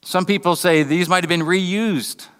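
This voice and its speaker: A man preaching a sermon, earnest and halting, often restarting his words and briefly acting out mocking voices. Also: sits high, steady tone, a bit bright, smooth, in a large hall. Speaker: pastor. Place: church building.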